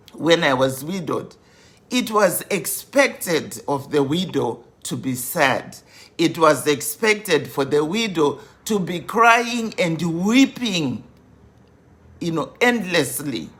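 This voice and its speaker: Slow, earnest woman coach. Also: low-pitched, fairly bright tone. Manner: earnest, sprinkled with fillers and Shona words. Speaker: life coach. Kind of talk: motivational talk on grief.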